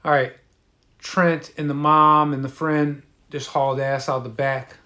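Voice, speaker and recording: A man's voice: on the high side, flat delivery, measured pace, sharp tone. Profane man telling a story in an echoey room. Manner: profane and offhand. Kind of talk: crude casual storytelling.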